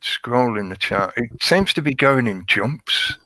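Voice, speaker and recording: A man's voice: medium pitch, animated, unhurried, pushed and bright, dry recording, low-quality recording. A man hosting a casual livestream, talking at length in a rambling way and greeting chat viewers by name. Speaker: livestream host.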